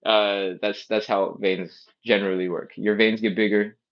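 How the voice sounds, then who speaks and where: The sound is lo-fi as a man with a lowish, fairly flat voice talks at a moderate pace through a live-streamed stretching class. As the fitness instructor, he does the exercises on the floor while cueing them casually, often adding "all right?"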